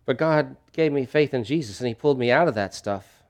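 A middle-aged man preaching a sermon in a conversational way, swinging between loud emphatic lines and quiet ones. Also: medium pitch, a little fast. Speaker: pastor.

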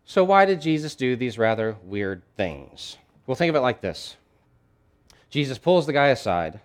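A man's voice: mid-range voice, big pitch swings, normal speed. A man preaching a sermon in a conversational, emphatic way, with asides and frequent restarts. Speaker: pastor.

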